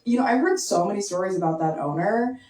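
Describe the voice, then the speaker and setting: Deadpan woman doing stand-up. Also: mid-range voice, fast, a crowd in the background. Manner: deadpan, conversational, full of likes and ums. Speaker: stand-up comedian. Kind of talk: stand-up set. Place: basement comedy venue with audience. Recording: echoey basement, mic heard from a distance.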